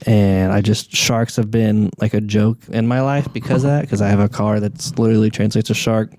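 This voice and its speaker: Young man from Oklahoma, podcast guest, mellow tone, dry close mic, casual swearing storyteller. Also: on the low side, steady tone, a little fast, no echo. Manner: loose storytelling, swears freely, acts out quotes. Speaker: podcast guest, media company owner.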